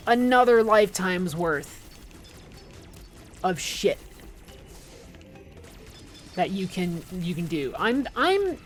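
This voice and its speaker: A woman's voice: fairly low pitch, sing-song, takes it slowly, pauses often, soft background music. A woman in her thirties chatting casually on a gaming livestream, ranting sarcastically and swearing, with frequent restarts. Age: 30s. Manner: rambling, profane, sarcastic rants with restarts. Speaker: streamer.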